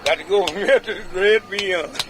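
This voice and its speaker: A man's voice: high voice, moderate pace, crowd noise, low-quality recording. A man telling comic tall tales in a folksy, drawling way, chuckling between punchlines like a medicine show comedian. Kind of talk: comic tall-tale storytelling.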